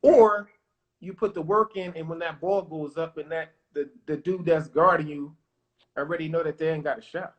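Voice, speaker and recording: A man, a former pro basketball player, telling lively stories as a podcast guest and acting out what people said. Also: on the high side, normal speed, lo-fi sound. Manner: animated, acts out quotes, confident. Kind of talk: casual storytelling interview.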